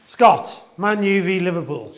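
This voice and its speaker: A man's voice: high voice, animated, measured pace. A man in playful casual banter, teasing and prompting his co-host.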